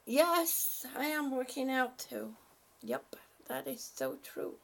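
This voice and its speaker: Gravelly-voiced woman chatting on a live stream. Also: sits high, huge pitch swings, slow pace. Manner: warm, thankful, emotional, laughs often. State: short of breath. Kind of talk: casual live-stream chat, reading comments.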